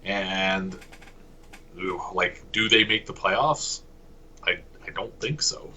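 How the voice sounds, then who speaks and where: A man's voice: low-pitched, slow, bright, forceful tone, slight background noise, poor audio. A man from Canada co-hosting a casual sports podcast, talking analytically and correcting himself as he goes. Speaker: podcast co-host.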